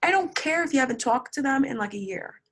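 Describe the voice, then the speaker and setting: A woman's voice: sits high, animated, fast talker, a bit bright. A young woman giving a casual tarot reading, blunt and swearing, repeating words for emphasis. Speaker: tarot reader.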